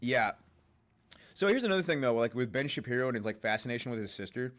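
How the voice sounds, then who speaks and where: A man's voice: medium pitch, animated, quick pace, fairly bright tone. A young man hosting a livestream, rambling casually, swearing a lot and laughing often at his own jokes. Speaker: livestream host.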